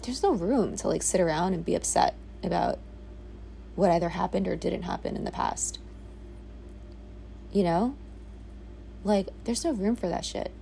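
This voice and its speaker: A woman's voice: lowish voice, normal speed, vocal fry, long pauses, mellow, slight background noise. A woman in her thirties rambling candidly in a reflective casual monologue, swearing freely and saying "like" a lot. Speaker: vlogger. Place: on a boat in a small village.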